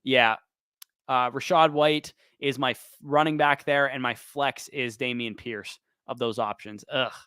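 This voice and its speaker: A fantasy football show host runs a livestream Q&A, rapidly giving start/sit answers by listing player names and then picking one, all while losing his voice. His mid-range voice is bright, smooth and forceful with fairly even intonation, in a dry recording.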